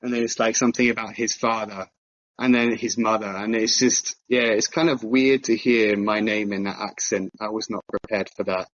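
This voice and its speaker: A man on a film podcast, chatting casually and thinking out loud with fillers and restarts. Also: on the low side, steady tone, normal speed, no echo, dull audio. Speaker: podcast co-host.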